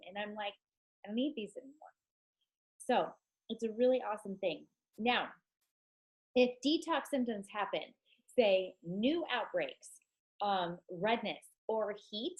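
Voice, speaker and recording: A woman's voice: medium pitch, breathy edge, rough recording. A chatty, enthusiastic woman with a stuffed-up nose, talking casually to her team on a live stream, with many ums.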